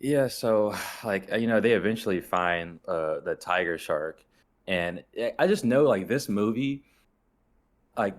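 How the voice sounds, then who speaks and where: A man co-hosting a podcast, explaining things loosely with lots of fillers. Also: deep voice. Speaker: podcast co-host. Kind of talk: casual movie review chat.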